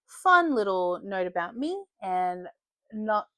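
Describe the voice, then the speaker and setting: A woman's voice: mid-range voice, sing-song, slow, fairly bright tone, dry recording. A woman vlogging about books in a chatty, joking way, swearing casually. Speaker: book vlogger. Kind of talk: casual chat.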